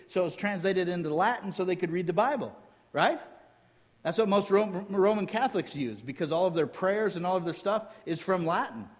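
High-voiced preacher in a reverberant hall. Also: male voice. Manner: lively teaching tone, quizzes the listeners with rhetorical questions, jokes in between. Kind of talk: sermon.

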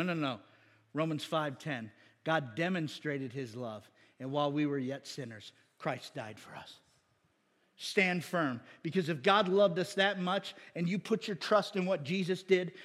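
A man's voice: on the high side, normal speed, fairly bright tone, big-room sound. A man preaching a sermon in a folksy, emphatic way, often calling for amens.

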